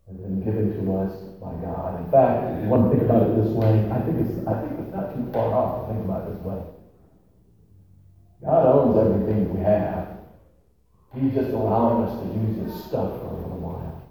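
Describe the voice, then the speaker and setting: A male pastor preaching a sermon with emphasis, repeating key phrases slowly. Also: lowish voice, dark tone, slight background noise. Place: large echoey church sanctuary. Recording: echoey hall from far off.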